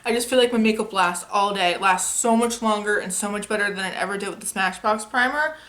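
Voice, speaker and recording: A woman's voice: medium pitch, fast talker, fairly bright tone, slight background noise. A young woman chatting casually as a beauty vlogger, enthusiastic and chatty, swearing now and then as she reviews products at home. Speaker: beauty youtuber. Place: home filming setup.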